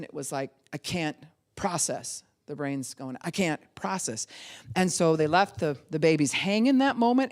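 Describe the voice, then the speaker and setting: A middle-aged woman, a pastor teaching in a sermon, telling stories and acting out little voices. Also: deep voice. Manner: animated storytelling, acts out voices of babies and dogs.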